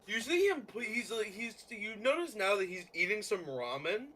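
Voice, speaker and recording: A man narrating as game master of a tabletop game, in a halting way with many fillers and restarts. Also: sits high, big pitch swings, sharp tone, poor audio.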